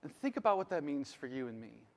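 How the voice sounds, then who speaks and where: A male pastor delivers a sermon in an earnest, emphatic way, slowing down to press home key phrases. His voice sits fairly high for a man. A long reverb hangs behind him, as in a church sanctuary. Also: big pitch swings.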